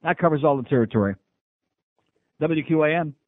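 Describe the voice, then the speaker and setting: A man hosting a call-in radio talk show, gruff, sarcastic and dismissive toward callers. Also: on the high side, a little fast, dry recording. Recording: tinny phone-like radio broadcast.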